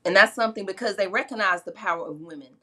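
A middle-aged woman who is a spiritual practitioner speaks rapid-fire in a bright, forceful, mid-range voice. In casual conversation she earnestly retells sacred myths, slipping into quoted voices.

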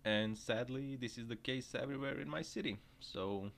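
A man with a creaky, medium-pitched voice talks at a normal speed, joking his way through reaction commentary on driving clips. He laughs often between remarks, and the recording is noisy.

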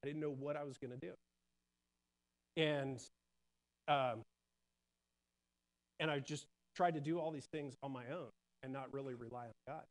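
A man sharing a personal testimony at a church service, earnest and halting, with many restarts and fillers. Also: mid-range voice, steady tone, low-quality recording.

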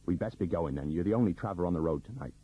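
A man voicing a gruff, uneasy male coach driver in an audiobook reading, speaking evasively. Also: sits low, lively intonation, racing, highs cut off, pitched below the performer's own voice.

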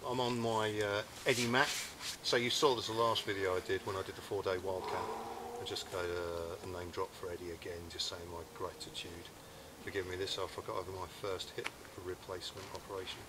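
Relaxed low-voiced British man outdoors. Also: fairly quick, hardly any pauses, noisy background. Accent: British English. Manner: relaxed, easygoing. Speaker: outdoors channel host. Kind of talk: casual chat to camera. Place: woods, outdoors in a hammock.

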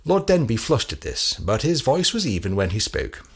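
English guy narrating a detective story, husky, lively pitch. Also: normal speed.

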